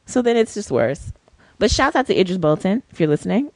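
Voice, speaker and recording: A woman's voice: mid-range voice, brisk, dry recording. A woman co-hosting a podcast, chatting casually and telling stories expressively. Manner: animated storyteller, expressive. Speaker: podcast co-host. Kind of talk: casual chat.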